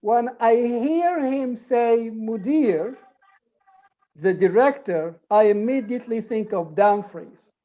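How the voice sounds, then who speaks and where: Female English teacher, fairly high, unhurried delivery; repeats each example word and breaks the rule into steps. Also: mellow. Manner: patient, repeats and spells out examples step by step. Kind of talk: online group English lesson.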